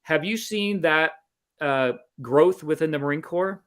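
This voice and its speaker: A man hosting a casual interview in a slightly raised pitch. He asks his questions in a friendly, hesitant way. He fills the gaps with plenty of ums and uhs. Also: measured pace, a bit bright, smooth. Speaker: interviewer, Marine veteran.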